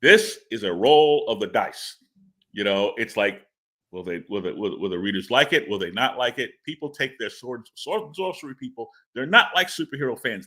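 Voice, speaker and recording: A man's voice: mid-range voice, big pitch swings, moderate pace, bright, forceful tone. A man talking as a guest in a casual interview, rambling and stammering with repeated words and laughs. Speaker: comic book writer interviewed as guest.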